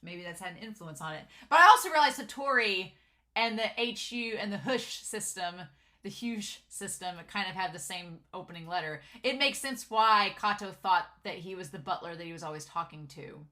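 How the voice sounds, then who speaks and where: A woman chatting casually through an episode recap, full of "like" and quick asides. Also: mid-range voice, expressive, bright, forceful tone. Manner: chatty, giggly, lots of "like" and filler. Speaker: anime reviewer.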